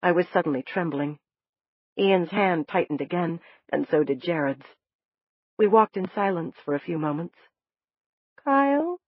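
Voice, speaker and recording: Husky woman reading a novel. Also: on the low side, normal speed, no echo. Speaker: audiobook narrator. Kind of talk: first-person novel narration. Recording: dull lo-fi dry recording.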